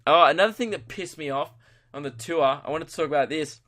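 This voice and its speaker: A man's voice: a little high, brisk, fairly bright tone. An Australian man hosting a comedy podcast, telling stories in a casual rant, swearing freely and breaking into laughter as he acts out what people said. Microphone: podcast mic.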